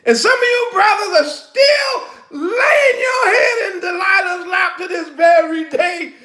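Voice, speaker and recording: A man preaching a sermon in a loud, emphatic, laughing way, with slangy street talk, in an echoey room. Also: extremely high pitch, unhurried.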